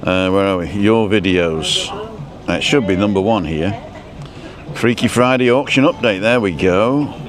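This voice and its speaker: A man's voice: lowish voice, measured pace, a crowd in the background. A man hosting a casual live stream outdoors, rambling as he reads out viewer comments and adjusts his stream settings. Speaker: livestream host. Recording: noisy outdoor street background.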